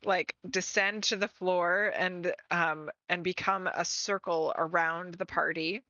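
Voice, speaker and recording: Bright-voiced woman game master, halting. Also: fairly low pitch, steady tone, no room sound, highs cut off. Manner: slow, halting narration with many fillers. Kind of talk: narrating a tabletop game on a live stream.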